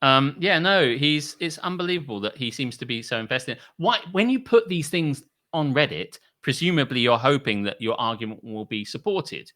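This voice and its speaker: A man's voice: medium pitch, expressive, moderate pace, hardly any pauses, sharp tone. A man co-hosting a casual podcast, swearing freely and acting out quotes in mocking voices. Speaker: podcast co-host.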